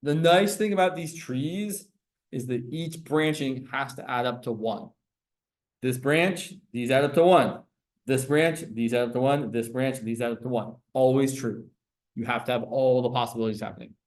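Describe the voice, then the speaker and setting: A man's voice: medium pitch, moderate pace. A man teaching a classroom lecture on probability, explaining step by step, asking the class questions and correcting himself as he goes.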